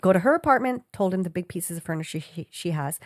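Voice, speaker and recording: A woman co-hosting a podcast in casual chat, telling stories in an animated, blunt way and swearing freely. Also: fairly low pitch, fast talker, no room sound, clean studio sound. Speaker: podcast co-host.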